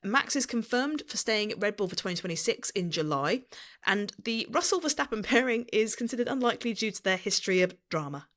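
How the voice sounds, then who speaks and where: A woman's voice: mid-range voice, animated, a little fast, a bit bright. A woman co-hosting a casual podcast, reading out news points and teasing her co-hosts with blunt swearing. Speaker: podcast co-host.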